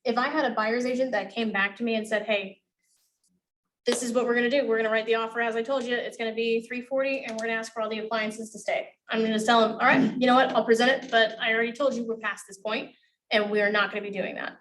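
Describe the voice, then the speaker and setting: A woman's voice: on the high side, steady tone, quick pace, a bit bright. A woman coaching real estate agents in a classroom. She is blunt, swears freely and acts out dialogue as she teaches. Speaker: real estate negotiation trainer. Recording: voice from a distance.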